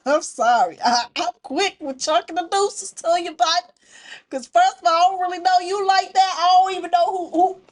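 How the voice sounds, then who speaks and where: Animated high-voiced woman vlogger. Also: moderate pace. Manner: animated, talks straight to the audience. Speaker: story-time reaction vlogger. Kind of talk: casual chat to viewers.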